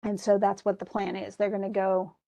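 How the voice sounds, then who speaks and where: A woman's voice: medium pitch, monotone, fairly quick, vocal fry, dark tone. Woman casually retelling a play. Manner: paraphrases lines in everyday speech, many fillers. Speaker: teacher.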